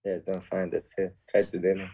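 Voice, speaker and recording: A man from Costa Rica with a Costa Rican accent, a guest footballer in a casual radio interview, talking cheerfully in halting English and often adding "man". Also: low voice, completely flat delivery, warm tone, slightly rough.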